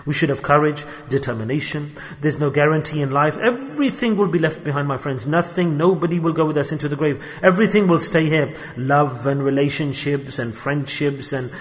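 A man giving an emotional sermon, retelling stories in an animated way and voicing the people in them. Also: on the high side, brisk, few pauses, in a large hall. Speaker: Islamic preacher. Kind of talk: sermon with storytelling.

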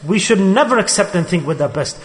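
A man preaches an emphatic sermon in a high voice, pressing his points hard and then dropping to a hush. His words ring in a large hall with a long reverb trailing behind. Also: animated, fairly quick. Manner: emphatic, swings between loud exhortation and hushed softness. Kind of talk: sermon with storytelling.

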